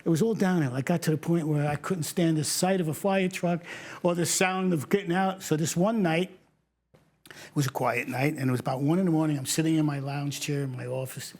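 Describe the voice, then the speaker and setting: A man, a retired fire captain telling stories in a casual interview, acting out what people said and laughing often. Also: on the high side. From New York. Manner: animated storyteller, acts out quoted lines, laughs often.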